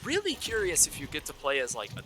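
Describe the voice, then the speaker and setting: A young man rambling excitedly about a video game, swearing a lot and stumbling over fillers and self-corrections. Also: on the high side, fast talker. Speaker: gaming video creator. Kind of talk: excited, rambling gaming commentary.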